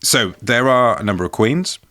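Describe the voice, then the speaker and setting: A man's voice: medium pitch, lively intonation, normal speed, sharp tone, no room sound. A man co-hosting a podcast, joining in comedic banter with dry, whimsical wordplay. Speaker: podcast co-host.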